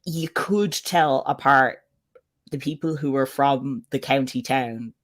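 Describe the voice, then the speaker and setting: Young Irish man, relaxed co-host, chatty and self-deprecating over a video call. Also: medium pitch, takes it slowly. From Ireland. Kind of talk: casual chat on a writing stream break.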